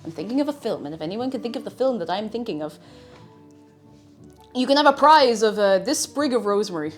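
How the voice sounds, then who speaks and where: A woman's voice: fairly high pitch, lively intonation, a little fast, soft background music. An Irish woman streaming casually while she cooks, chatty and a bit scatterbrained, humming little tunes between thoughts. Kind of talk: casual live-stream chat while cooking.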